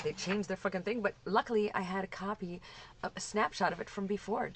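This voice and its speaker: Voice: medium pitch, brisk, fairly bright tone, slight background noise. A vlogger ranting angrily to camera at a scammer, cursing, repeating and restarting sentences. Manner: profane, heated, repeats and restarts. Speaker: scam victim vlogger. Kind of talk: angry rant to camera.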